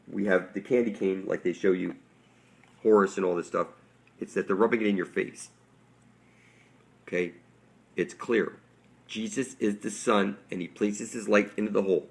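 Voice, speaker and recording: Gravelly-voiced man ranting intensely. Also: fairly low pitch, steady tone, moderate pace, pauses often. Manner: intense, preachy, profane, addresses viewers as "people". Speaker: online conspiracy speaker. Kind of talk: rambling monologue to camera.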